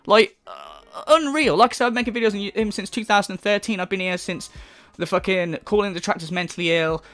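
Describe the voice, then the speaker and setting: A man's voice: high voice, fast talker, a bit bright. A man hosting a commentary channel, delivering an exasperated, profane rant full of mockery. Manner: exasperated, sweary, mocking.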